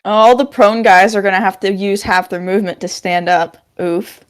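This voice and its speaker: Woman, tabletop player, mid pitch, casual, says like often. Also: fairly even intonation, moderate pace. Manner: chatty, uses "like". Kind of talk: casual tabletop game chat.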